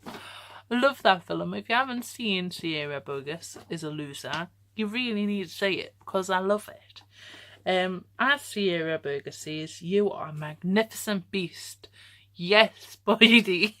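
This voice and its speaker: A young woman with a lowish voice reads a letter she once wrote to herself, taking her time over it. She stops to comment on what she wrote and laughs often, her tone casual and reflective. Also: unhurried, fairly bright tone. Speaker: vlogger reading a letter to herself. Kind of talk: casual reflective reading aloud.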